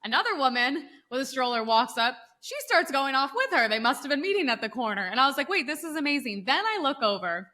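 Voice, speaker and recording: A young adult woman co-hosting a podcast, telling a story in an animated way and acting out the people she quotes. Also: high voice, fast talker, few pauses. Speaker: podcast co-host. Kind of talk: casual storytelling chat.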